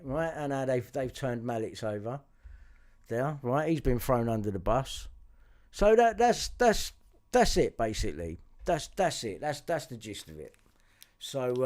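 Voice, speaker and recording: A man's voice: medium pitch, darkish tone. A man talking to his viewers, agitated and profane, circling back and repeating himself. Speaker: vlogger. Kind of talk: angry monologue to camera.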